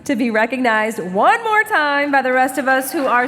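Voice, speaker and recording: A woman's voice: high voice, expressive, normal speed, a bit bright, a little hiss or hum. A woman emceeing a live awards event on a handheld microphone, upbeat, chatty and playful with the crowd. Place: large banquet hall before a live audience. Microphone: handheld stage microphone. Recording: long hall reverb through a PA.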